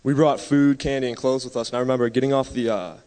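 A man with a mid-range voice gives a halting church testimony, pausing on "uh" and "um." A long reverb follows his voice around the sanctuary. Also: mid-range voice, steady tone, darkish tone. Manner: hesitant, many "uh"s, laughs lightly. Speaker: mission trip member giving testimony.

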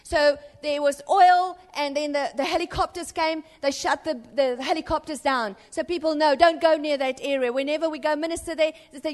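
A woman preaching to a church congregation, her high voice pressing hard and then falling quiet. The long reverb of a church hall trails after each line. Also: steady tone, normal speed, few pauses. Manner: impassioned, rising to urgent exhortation and dropping to hushed tones. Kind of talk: sermon.

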